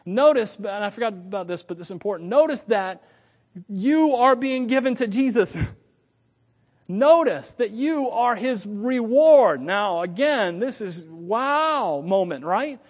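A man from the United States preaching a sermon in an animated way, thinking aloud and correcting himself as he goes. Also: high voice, takes it slowly, in a large hall. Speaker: pastor.

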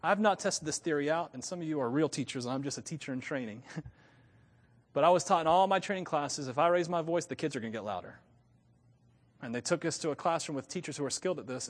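A man from North America preaching with a voice that sits a little high for a man. He swings between loud, emphatic lines and hushed ones, laughing at himself now and then. His voice rings out into a hall with a long reverb. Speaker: pastor. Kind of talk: sermon.

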